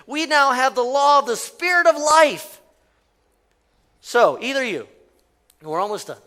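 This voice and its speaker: A man's voice: sits high, bright, forceful tone. A male pastor preaching a conversational sermon in a church, leading the congregation in call-and-response. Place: church sanctuary.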